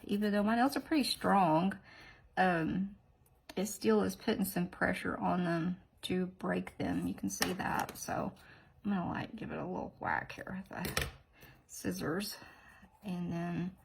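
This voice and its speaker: A woman hosting a nail tutorial, chatting in a rambling, sniffly way and often dropping into soft whispered asides. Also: fairly low pitch, a little slow, creaky, a little hiss or hum, low-quality recording. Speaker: nail art channel host. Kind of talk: casual tutorial chat.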